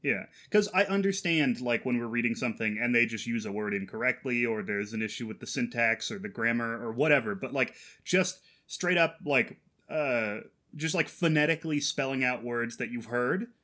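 A man's voice: medium pitch, moderate pace, few pauses, pushed and bright. A man co-hosting a casual podcast, talking in sarcastic, rambling runs full of fillers and swearing. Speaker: podcast co-host. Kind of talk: casual chat.

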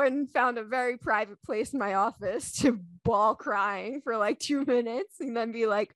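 A woman's voice: fairly high pitch, moderate pace, no room sound. Chatty woman telling a story, dry close sound. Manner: animated, laughs often, acts out quoted dialogue. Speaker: podcast guest. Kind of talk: casual storytelling.

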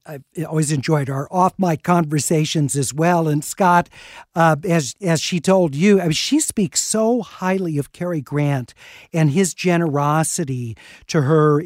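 A man hosting a radio film program, introducing clips and interviewing a guest in a measured, conversational way. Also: fairly high pitch, a little mellow, no echo, clean studio sound. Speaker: radio talk show host.

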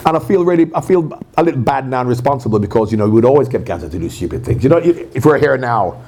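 A man being interviewed at a live event, telling animated stories, acting out quotes and laughing often. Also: mid-range voice, fast. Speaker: interview guest, former pro footballer. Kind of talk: animated anecdotal storytelling. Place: live event at a stadium venue.

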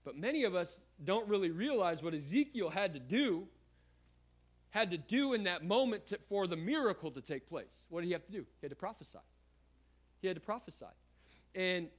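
Male pastor, middle-aged, slightly high voice, animated sermon delivery with scripture reading and casual asides. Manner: animated preacher, repeats words, conversational asides.

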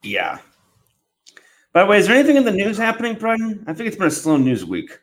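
A man's voice: sits high, wildly swooping pitch, quick pace. A man hosting a casual podcast, wry and sarcastic. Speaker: host.

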